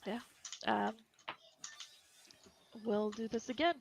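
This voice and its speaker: A woman's voice: a little high, slow, creaky, a little hiss or hum. A woman narrating as game master of a tabletop game, hesitant with many fillers, on a dry lo-fi recording.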